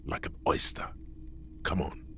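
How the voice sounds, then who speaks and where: An actor voicing the solemn narrator of a game, delivering poetic lines slowly and with weight. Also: male voice, fairly bright tone, a little hiss or hum, close to an everyday voice. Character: solemn older male game narrator, grave and knowing. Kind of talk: scripted dramatic narration.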